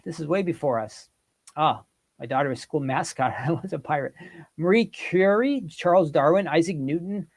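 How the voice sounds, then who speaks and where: A man hosting a casual livestream quiz, reading out viewers' guesses and teasing them playfully. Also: on the high side. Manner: playful, reads out viewer comments and teases them. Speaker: livestream host.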